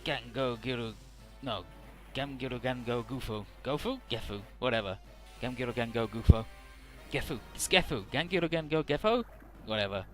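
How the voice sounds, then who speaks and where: A man gives casual, irreverent let's-play commentary, reading dialogue aloud, swearing and stumbling over odd names. His voice is mid-range at a moderate pace, with faint game music in the background.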